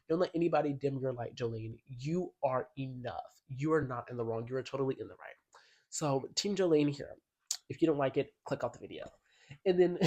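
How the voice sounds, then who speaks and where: Sassy man reviewing an album. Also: fairly high pitch. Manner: sassy, slangy, emphatic; reads song lyrics aloud. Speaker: music commentator. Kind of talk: casual album review vlog.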